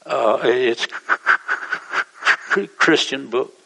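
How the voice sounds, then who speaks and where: A pastor with a bright, forceful edge to his voice preaches in a folksy, rambling manner, circling back over his words. His sermon rings out with a long reverb, as if recorded in a church hall. His pitch sits in a middle range for a man. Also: fairly even intonation, drawn-out words, vocal fry. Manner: folksy, rambling, repeats himself. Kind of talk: sermon storytelling.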